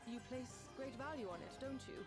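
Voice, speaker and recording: A prim, formal companion. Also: female voice, high-pitched, animated. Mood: dry. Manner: formal, measured speech. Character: composed, proper young woman companion. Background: game music.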